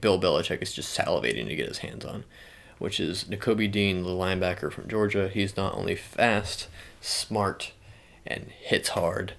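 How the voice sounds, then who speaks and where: A young man speaking in a soft ASMR style, chatting casually and rambling with many fillers and restarts. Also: deep voice, gravelly. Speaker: ASMR channel host. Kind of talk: soft-spoken ASMR sports talk.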